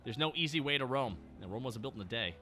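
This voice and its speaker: A man's voice: mid-range voice, expressive, fast talker, bright, forceful tone, faint music behind. A man streaming live, chatting casually and joking as he reads chat messages aloud. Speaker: VTuber streamer.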